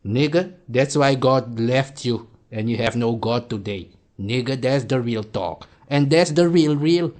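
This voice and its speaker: A man rants in a heated, insulting way. He repeats his points forcefully and talks at a middling pitch. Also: a little slow. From Suriname. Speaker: commentator. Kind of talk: angry reaction rant.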